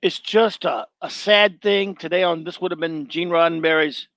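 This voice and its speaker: Higher-voiced middle-aged man, blunt. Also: normal speed, fairly bright tone, no room sound. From Louisiana. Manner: blunt and opinionated, rambling with restarts. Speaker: show host. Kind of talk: casual live-show monologue, answering chat.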